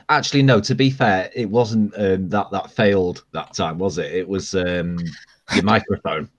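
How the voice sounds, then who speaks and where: Husky Mancunian man hosting a stream. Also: sits low, measured pace. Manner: teasing, swearing, stammering restarts. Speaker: stream host. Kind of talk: casual chat among friends.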